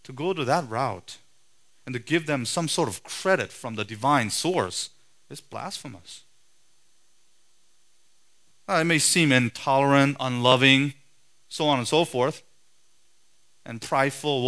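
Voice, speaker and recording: A man preaching a sermon in a forceful, emphatic way, his voice swelling loud and then dropping low. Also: measured pace, pauses often. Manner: forceful, emphatic preaching with sharp rises and drops in loudness.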